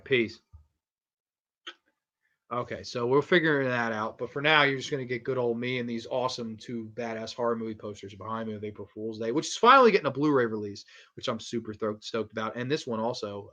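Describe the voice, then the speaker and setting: A man's voice: lowish voice, fast talker. Guy ranting happily about horror flicks on his stream, cusses a ton, kinda dull lo-fi sound. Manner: excitable, profane, rambling. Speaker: livestream host. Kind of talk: casual horror movie review chat. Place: home streaming setup with posters behind.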